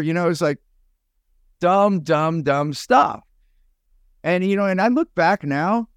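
Animated man, slightly high voice. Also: no echo, clean studio sound. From United States. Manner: animated storytelling, acts out his own past remarks. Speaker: podcast co-host. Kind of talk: casual podcast chat.

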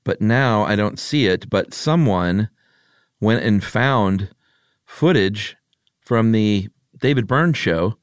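Laid-back male host, forties, lowish voice, dry booth sound. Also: slow pace, smooth, dry recording. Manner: relaxed, joking, laughs often. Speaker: podcast co-host. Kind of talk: casual chat.

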